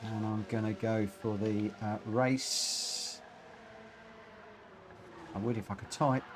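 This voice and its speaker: A man's voice: fairly low pitch, fairly even intonation, slow pace, background noise. Breathless man chatting on a racing stream. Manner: chatty, filler-heavy, reads chat aloud. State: short of breath. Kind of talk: live stream commentary.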